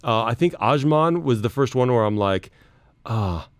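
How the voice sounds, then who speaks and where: A man, a radio host talking through a road trip in relaxed, rambling casual chat. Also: mid-range voice, measured pace, smooth, no room sound. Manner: laid-back, chatty, repeats words.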